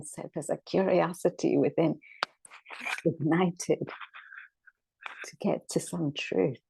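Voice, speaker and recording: A woman's voice: sits low, gravelly, mellow, a little hiss or hum, rough recording. A woman teaching a scripture discussion class, reflective and returning again and again to key words. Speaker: spiritual teacher.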